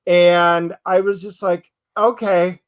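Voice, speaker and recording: Man, high pitch, casual movie chat, animated storytelling. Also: unhurried. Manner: animated storytelling, quotes himself and his wife. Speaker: guest.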